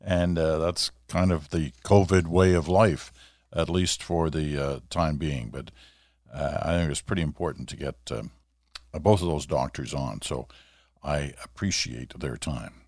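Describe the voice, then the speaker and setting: A man's voice: a bass voice, measured pace, darkish tone, dry recording. A middle-aged man hosting a radio talk show from a small home studio, chatting casually with lots of asides. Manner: chatty, conversational, with asides and filler words.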